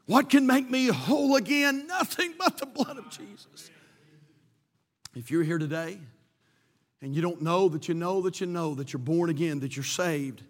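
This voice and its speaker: A male preacher telling a story in a sermon, fervent and rising to shouts at an altar call, speaking in a church. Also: high-pitched, lively intonation, moderate pace. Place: church sanctuary. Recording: long hall reverb.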